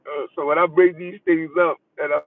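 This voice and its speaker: A man with a fairly high voice delivers an emphatic, repetitive live-stream monologue as a podcast host. He sounds tinny and phone-like, a little away from the mic. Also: little pitch movement, fairly quick, dry recording, far from the mic. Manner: emphatic, preachy, repeats phrases.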